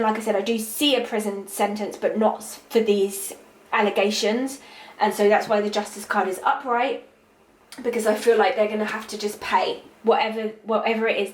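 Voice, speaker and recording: Roomy-sounding woman giving a tarot reading. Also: mid-range voice. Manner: intuitive, halting with fillers, emphatic repetition. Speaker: tarot reader.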